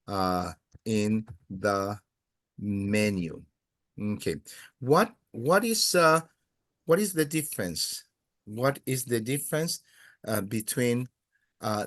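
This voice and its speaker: A man teaching a Spanish class in a classroom, patiently prompting students, praising their answers and pausing often with "uh". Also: fairly low pitch, a bit bright, no echo, clean studio sound. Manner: hesitant, many "uh" pauses. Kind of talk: classroom language lesson.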